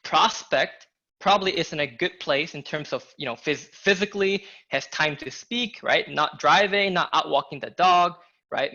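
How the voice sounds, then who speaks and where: An energetic man teaching a live online sales class, pushing each point hard and calling out to his listeners. His voice sits fairly high with a forceful, bright edge. The audio is dull and lo-fi. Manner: energetic, emphatic, talks to the audience directly. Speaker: sales trainer. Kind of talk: live online training talk.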